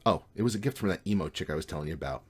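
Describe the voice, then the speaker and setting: A man's voice: deep voice, animated, very fast, darkish tone, slightly rough. A man voicing an eager, impulsive young male roommate who loves pranks. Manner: upbeat, impulsive.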